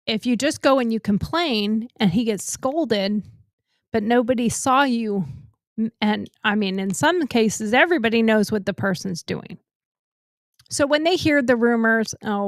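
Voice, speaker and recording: Blunt, animated woman podcast co-host. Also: a little high, no echo, clean studio sound. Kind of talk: casual storytelling.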